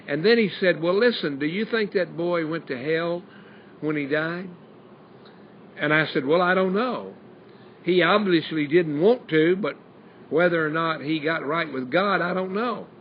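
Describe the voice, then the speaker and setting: An older man tells his personal testimony in an earnest storytelling voice, sometimes acting out the people he quotes. His voice sits a little high for a man. The recording is a dull, lo-fi stream with a faint hiss behind him. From American South. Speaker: radio show host and preacher.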